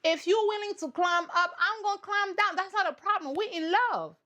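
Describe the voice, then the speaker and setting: A woman giving casual, animated reaction commentary on a reality show, playful and repeating points for effect. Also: very high voice, normal speed. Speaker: reaction vlogger.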